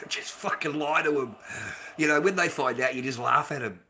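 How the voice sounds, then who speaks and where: A man's voice: fairly high pitch, moderate pace, pushed and bright, a little hiss or hum. A middle-aged man with an Australian accent, ranting bluntly and profanely on his livestream, often restarting his sentences. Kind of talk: casual livestream rant.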